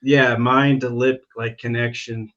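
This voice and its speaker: American male veteran on a podcast, relaxed and chatty, slightly muffled. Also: medium pitch, measured pace. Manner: laid-back, uses "dude" and "like" often. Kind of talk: casual podcast chat.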